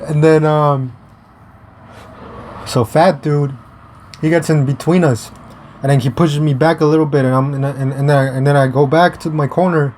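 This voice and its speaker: A man's voice: a little high, steady tone, fairly quick, a little mellow, slight background noise. A young man telling a story in a casual, rambling way, with swearing and many fillers and restarts. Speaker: vlogger. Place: outdoors.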